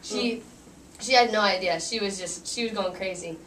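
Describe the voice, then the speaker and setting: A woman's voice: mid-range voice, moderate pace. A young woman giving a wedding toast, telling stories in a chatty, giggly way full of likes and restarts. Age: young adult. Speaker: maid of honor giving a wedding speech. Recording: distant mic with faint room noise.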